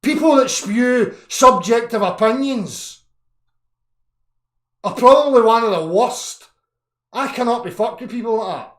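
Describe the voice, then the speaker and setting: A man in his thirties ranting angrily on a live chat, profane, swinging from low muttering to shouting. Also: expressive, a little slow, pauses often, echoey room. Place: indoor room.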